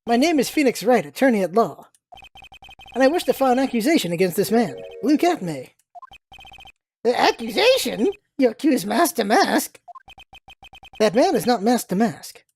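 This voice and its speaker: A woman's voice: fairly high pitch, big pitch swings, normal speed, long pauses, darkish tone, soft background music. A woman voicing an earnest young male defense lawyer from a game, hesitant and full of doubts. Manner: anxious, hesitant inner doubts. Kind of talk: reading game dialogue aloud.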